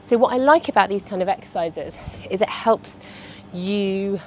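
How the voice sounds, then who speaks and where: A woman's voice: medium pitch, moderate pace, a little hiss or hum. A woman, a fitness instructor chatting and cueing movements through a workout.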